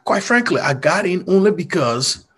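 A man's voice: high-pitched, animated, normal speed, a bit bright, breathy edge. A middle-aged man from Liberia with a Liberian accent gives an earnest, motivational storytelling talk. He sometimes repeats words to press a point. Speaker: mayor giving a talk.

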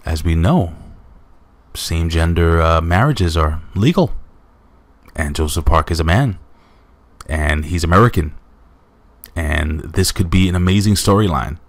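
A man's voice: sits low, measured pace, pauses often. A man reviewing a wrestling show in a casual recap, rambling with lots of fillers and asides to his viewers.

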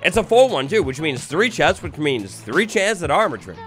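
Animated high-voiced young gaming commentator. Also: male voice, moderate pace, faint music behind. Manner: animated, playful, talks to mobs, bursts into excited yelps. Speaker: gaming YouTuber. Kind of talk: Minecraft let's play commentary.

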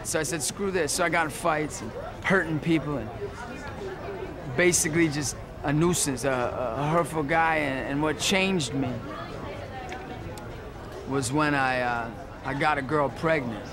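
A man's voice: a little high, fairly even intonation, normal speed, a crowd in the background. A man who works as a street minister tells his own story, bluntly and ramblingly, repeating himself as he goes. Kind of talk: personal testimony interview.

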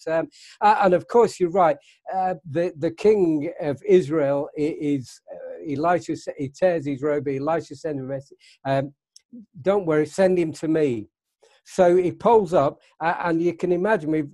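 Hesitant man chatting, high voice. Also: darkish tone, dry recording, studio quality. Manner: hesitant, many fillers and restarts. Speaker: guest in a church discussion. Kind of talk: casual chat.

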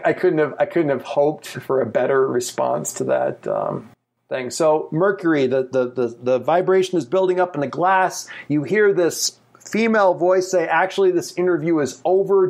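A man running a tabletop game as game master, animated and thinking aloud with many fillers. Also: a little high, gravelly, a little hiss or hum.

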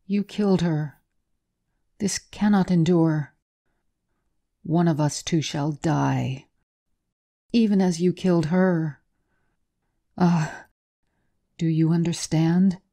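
A woman's voice: fairly low pitch, steady tone, slow pace, long pauses, dark tone. A woman voicing a fierce, enraged grown son. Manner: fierce, accusing.

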